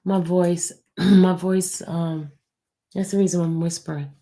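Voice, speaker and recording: A woman hosting a livestream, speaking low and hushed, near a whisper, and answering her viewers in a blunt, defensive way. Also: fairly even intonation, unhurried. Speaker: livestream host. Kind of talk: livestream talk answering the chat.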